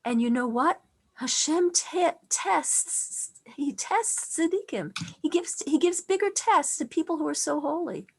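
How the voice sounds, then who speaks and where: A middle-aged woman giving a talk on faith. She tells stories earnestly and softens to a hush on tender lines. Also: high voice, expressive, measured pace, gravelly. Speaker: speaker on faith.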